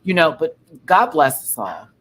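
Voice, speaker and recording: A man's voice: on the high side, big pitch swings, moderate pace, a bit bright, poor audio. A man hosting a casual pop-culture chat show, talking in a sassy, rambling, profane way. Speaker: podcast host.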